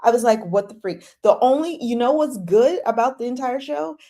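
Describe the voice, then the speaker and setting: A woman's voice: a little high, a little fast. A young woman hosting a live chat about dramas, talking casually and with animation, gushing one moment and exasperated the next. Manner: animated, gushing and exasperated, acts out her own reactions.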